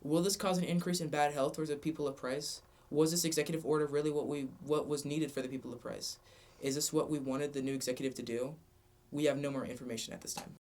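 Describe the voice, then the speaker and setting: A man anchors a mock news show, reading his lines briskly from a script. His voice sits a bit high for a man and moves quickly. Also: steady tone, a little mellow.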